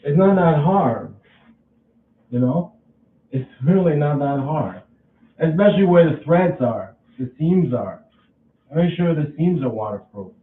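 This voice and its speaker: A man's voice: on the high side, expressive, roomy sound, recorded from a distance, phone-quality sound. A man casually vlogging at home, rambling and restarting his sentences as he talks through a chore. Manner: rambling, repeats himself, halting restarts.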